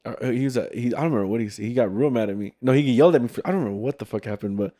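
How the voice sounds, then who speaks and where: A man's voice: mid-range voice, rapid-fire. A young man hosting a podcast in casual chat, telling stories with energy and acting out quotes. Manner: animated storytelling, acts out quotes loudly. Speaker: podcast host and film director.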